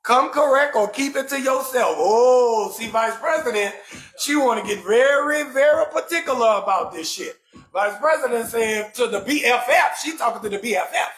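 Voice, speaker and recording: High, loud New Orleans man. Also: moderate pace, roomy sound. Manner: loud, animated, often shouting, profane. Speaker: talk show host. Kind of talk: live comedy talk show, reading viewer comments.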